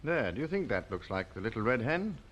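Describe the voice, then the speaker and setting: A man presenting a children's TV show, talking gently and slowly to young viewers and coaxing them to join in. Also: medium pitch, big pitch swings, slight background noise. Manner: slow, coaxing, sing-song, invites the viewer to join in. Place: television studio.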